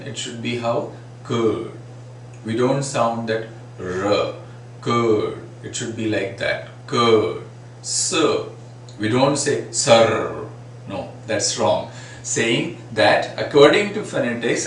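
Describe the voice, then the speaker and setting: A man's voice: mid-range voice, fairly bright tone. A man teaching phonetics, patiently repeating sample words to demonstrate each sound. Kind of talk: classroom lecture. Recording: very echoey room, far from mic, faint noise.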